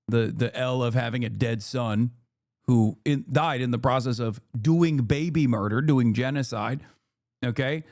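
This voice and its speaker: A man's voice: medium pitch, a little slow, a little mellow, dry recording, studio quality. A man reacting to a news clip as a streamer, talking in a heated, sarcastic and profane way. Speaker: streamer commentator.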